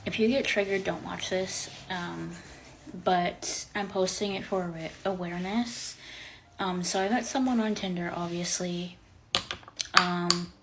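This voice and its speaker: A woman's voice: mid-range voice, a little hiss or hum, poor audio. A young woman telling a dating story to camera, chatty and filled with "like" and "um," retelling the quotes with drama. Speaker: vlogger. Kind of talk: casual storytime.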